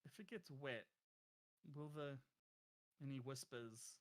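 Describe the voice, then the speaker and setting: A man's voice: medium pitch, takes it slowly. A man talking through his character's choices as a player in a casual tabletop game, rambling with many fillers and restarts.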